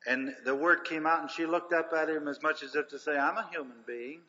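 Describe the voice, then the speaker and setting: A man's voice: fairly high pitch, level tone, brisk, bright, forceful tone. An older man preaching a sermon, telling folksy stories with emphasis. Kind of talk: sermon storytelling. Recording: dull lo-fi recording in a reverberant hall.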